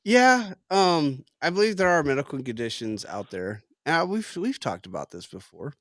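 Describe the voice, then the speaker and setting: A man's voice: a little high, very animated, moderate pace, fairly bright tone, dry recording, studio quality. A middle-aged man co-hosting a casual chat over drinks, rambling and laughing easily. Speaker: podcast co-host.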